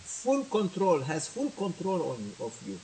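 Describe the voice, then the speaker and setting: A man's voice: sits high, huge pitch swings, unhurried, mellow, a little hiss or hum, rough recording. A man teaching a sermon, moving between languages and asking his listeners questions. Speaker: religious teacher. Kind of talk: sermon with translation.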